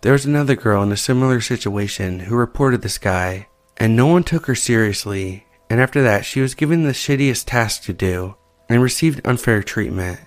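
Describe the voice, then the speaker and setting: A man calmly reading listener-sent creepy stories aloud, as the show's narrator. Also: mid-range voice, normal speed, dry recording. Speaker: horror story narrator. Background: soft background music.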